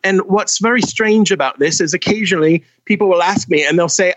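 A man's voice: high voice, fairly quick, fairly bright tone, no room sound. Chatty caller in his forties, dry sound. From California. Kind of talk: casual call-in chat.

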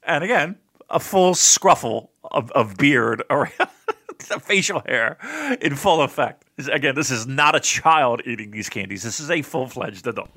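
A man from New Jersey co-hosting a podcast in loose, swearing, story-heavy chat. His pitch swings widely as he talks, and his voice has a bright, forceful edge. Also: a little slow. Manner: animated, swearing, storytelling, laughing often. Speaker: podcast host.

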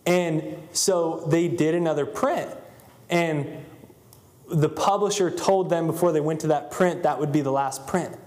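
Male motivational speaker, fairly high voice, casual storytelling, lots of fillers, live audience event. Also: unhurried, darkish tone. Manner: loose storytelling with many fillers.

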